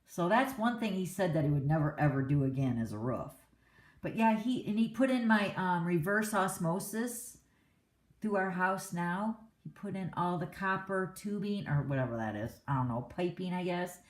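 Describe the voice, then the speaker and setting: A woman's voice: fairly low pitch, expressive, moderate pace. A middle-aged woman hosting a card-making class, chatting in a rambling, casual way and laughing often. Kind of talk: casual chat during a live stream. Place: home craft classroom. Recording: echoey room.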